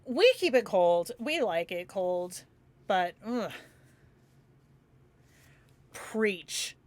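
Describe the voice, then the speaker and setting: A woman from Phoenix, Arizona, USA, hosts a livestream, chatting casually with viewers, laughing often and swearing freely. Her medium-pitched voice is animated, with drawn-out words. The recording is dry.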